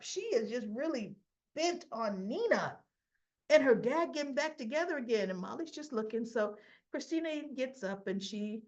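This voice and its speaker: A woman's voice: a little high, expressive, moderate pace. A woman giving a chatty, sassy recap of a soap episode, acting out the characters' lines as she goes. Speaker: soap opera reviewer.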